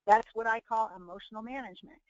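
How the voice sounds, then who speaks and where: A woman leads a motivational webinar, hammering her points with repetition and little acted-out quotes. Her voice sits fairly high. The audio is dry and a bit muffled, like a lo-fi online call. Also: quick pace, dry recording. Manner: preachy, repetitive, acts out quoted people. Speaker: webinar presenter.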